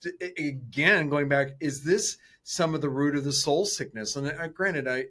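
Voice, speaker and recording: A man's voice: fairly high pitch, moderate pace, sharp tone. A man co-hosting a podcast interview, talking casually and animatedly, acting out his own reactions in quotes. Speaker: podcast co-host.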